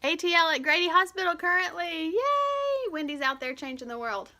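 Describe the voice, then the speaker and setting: A woman's voice: extremely high pitch, fairly even intonation, fast talker, sharp tone. A woman hosting a live stream in a bubbly, chatty way and greeting viewers by name, filmed at home on a camera propped on a shoebox. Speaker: host of a weekly live stream. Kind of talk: casual live-stream chat.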